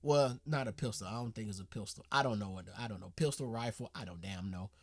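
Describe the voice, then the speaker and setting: A man hosting a reaction video, talking casually in slang, rambling with restarts and breaking into loud, profane outbursts. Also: on the low side, fast talker. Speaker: reaction channel host.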